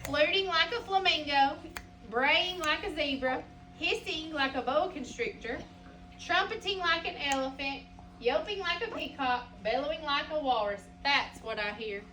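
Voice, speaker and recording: High-voiced teacher reading to a class. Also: female voice, lively intonation, moderate pace, bright, forceful tone, far from the mic, a little hiss or hum, rough recording. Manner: sing-song read-aloud with questions to children. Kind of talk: reading a picture book aloud to a class.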